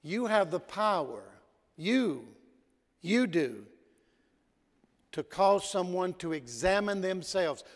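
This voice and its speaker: Gravelly preacher man in a reverberant hall. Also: high voice, animated, takes it slowly, long pauses. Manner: storytelling, swinging from loud emphasis to quiet asides. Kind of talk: sermon. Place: church sanctuary. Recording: long church hall reverb.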